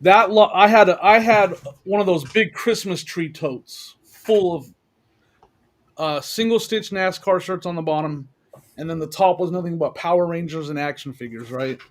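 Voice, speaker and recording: A man in casual chat on a video call, excitedly telling stories about deals. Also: high voice, moderate pace. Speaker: reseller on a panel.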